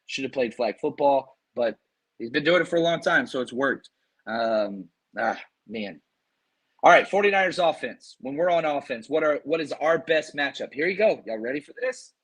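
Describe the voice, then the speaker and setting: Man, podcast host, husky, worn-out voice, amped up, animated fan talk. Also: mid-range voice. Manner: hyped, animated, reads fan super chats. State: losing his voice from screaming. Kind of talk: excited sports podcast talk.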